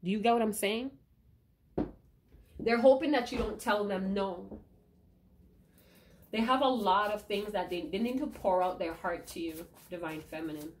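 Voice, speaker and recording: A woman's voice: mid-range voice, moderate pace, pauses often, slight background noise. A woman giving an emotional tarot reading to her viewers, speaking emphatically and repeating key lines. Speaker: tarot reader.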